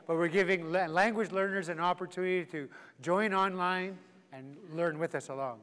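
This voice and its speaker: A man's voice: high-pitched, fairly even intonation, measured pace, a bit bright. A man teaching a live language class, playful and laughing, drilling phrases for the group to repeat. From Canada. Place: large hall with a live class. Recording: echoey hall, live class.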